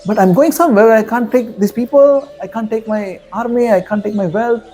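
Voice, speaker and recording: A man's voice: sits high, a little fast, a little mellow, faint music behind, voice pushed up, lightly acted. A man voicing a dying old king who is tired and impatient with a fool, in a told story. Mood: weary. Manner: tired, exasperated scolding.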